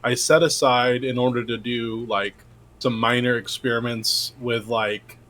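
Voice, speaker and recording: A man's voice: mid-range voice, steady tone, unhurried, a bit bright. A man playing in a tabletop game, talking casually and rambling through his plans. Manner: rambling, chatty, laughs easily. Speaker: player.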